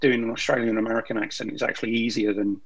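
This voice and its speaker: A man's voice: mid-range voice, flat delivery, racing, muffled recording, over a noisy crowd. Guy hosting a chill beer podcast, jokey, lots of ums, normal middle voice. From England. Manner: chatty, joking, runs the show with filler ums. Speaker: podcast host. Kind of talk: casual chat among friends.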